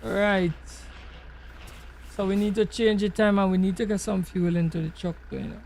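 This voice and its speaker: A man's voice: high-pitched, steady tone, normal speed, darkish tone, a little hiss or hum. A man from Trinidad and Tobago with a Trinidadian accent, chatting loosely in creole-flavored English as he comments on his gameplay for his channel. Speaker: gaming channel host.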